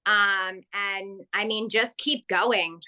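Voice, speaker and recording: A woman on a team video call, speaking haltingly with many restarts. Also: medium pitch, fairly even intonation, pushed and bright, clean tone. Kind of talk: casual testimonial.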